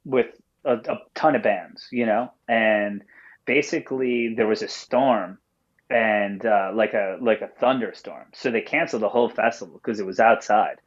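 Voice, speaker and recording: A man's voice: lowish voice, normal speed. A man calling in as a podcast guest and telling a story casually, rambling with lots of fillers and swearing. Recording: dull call-in audio.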